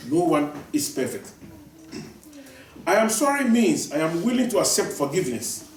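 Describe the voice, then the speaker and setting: A man's voice: on the high side, big pitch swings, normal speed, slight background noise. A male preacher giving a sermon, repeating his key lines for emphasis and often restarting his sentences. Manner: repetitive, emphatic, many restarts. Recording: echoey room, voice from far off.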